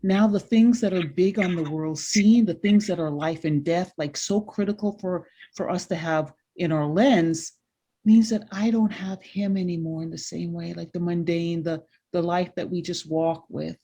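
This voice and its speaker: A woman therapist in a session, reflecting back feelings in a slow, empathic way over a video call. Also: fairly low pitch, steady tone, mellow.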